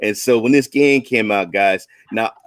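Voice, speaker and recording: A man's voice: on the low side, unhurried, dry recording. A man telling a candid, playful story in a casual chat.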